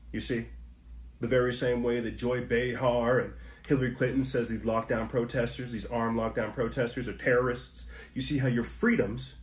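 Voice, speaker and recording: A man delivers heated commentary straight to his audience, stacking rhetorical questions and throwing in casual slang. His voice sits in a middle pitch. The sound rings with the echo of the room he's in. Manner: fiery, rhetorical questions, slangy asides to viewers. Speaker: online commentary host. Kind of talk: impassioned livestream commentary.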